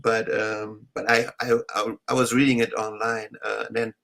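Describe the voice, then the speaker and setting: Guy on a group call, gravelly voice, lots of um and uh and restarts. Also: lowish voice, level tone, a bit bright. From abroad. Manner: halting, many restarts and fillers. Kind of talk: casual group chat.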